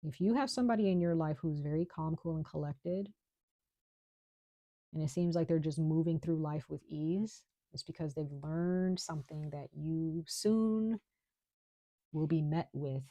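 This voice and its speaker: A woman's voice: low voice, measured pace, warm tone, dry recording. A woman giving a casual tarot reading in a chatty, reassuring way, full of fillers, at home. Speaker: tarot reader.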